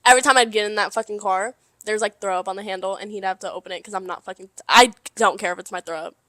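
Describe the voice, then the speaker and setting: A young woman co-hosting a casual podcast, telling a story in an animated way with lots of swearing and laughter. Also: medium pitch, quick pace, dry recording. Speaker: podcast co-host. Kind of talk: casual chat.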